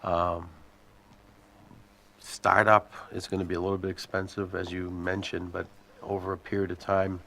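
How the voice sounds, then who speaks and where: A man serving as school superintendent, answering committee questions in a measured, explanatory way and thinking aloud as he goes. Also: deep voice, level tone, gravelly, pushed and bright, slight background noise.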